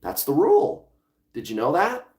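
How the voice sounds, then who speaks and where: A man's voice: fairly high pitch, wildly swooping pitch, normal speed, darkish tone. A man talking as a law of attraction coach in a casual vlog monologue, conversational, restarting phrases and swearing now and then. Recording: echoey room.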